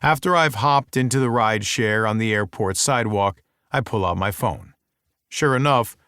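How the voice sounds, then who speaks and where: Low, dry-voiced male audiobook narrator. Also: fairly bright tone, smooth, no echo. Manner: wry, intimate inner monologue. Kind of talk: first-person romance audiobook narration.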